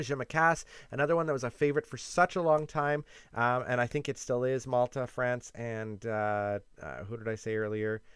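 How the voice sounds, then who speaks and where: Canadian guy rambling excitedly about results, low-ish smooth voice, lots of ums. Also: dry recording. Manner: enthusiastic, rambling, filler-heavy. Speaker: YouTuber and radio host. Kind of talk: casual reaction commentary.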